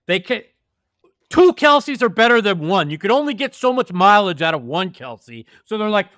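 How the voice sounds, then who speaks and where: A man's voice: high-pitched, sing-song, normal speed, fairly bright tone, no room sound, clean studio sound. A man talking as a podcast guest in casual banter, with brash, profane ranting.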